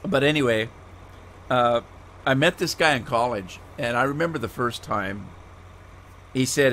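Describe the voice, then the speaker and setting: A man's voice: mid-range voice, a little slow, long pauses, a bit bright, a little hiss or hum. A middle-aged man from the United States, a live streamer chatting with viewers by name as he plays a farming game, rambling and easygoing. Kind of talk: casual chat while playing a farming game.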